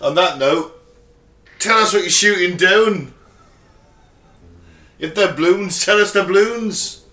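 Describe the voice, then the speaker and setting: Male co-host, joker, bright tone, roomy recording. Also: high voice, slow pace. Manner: jokey, riffs on wild theories. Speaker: podcast co-host. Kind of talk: casual banter. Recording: echoey room.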